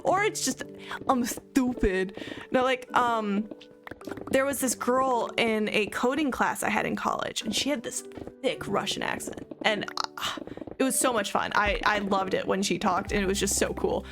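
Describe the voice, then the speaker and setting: A woman's voice: medium pitch, normal speed. A young woman streamer chatting casually while gaming, rambling and laughing often with lots of fillers. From United States. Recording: music playing behind her.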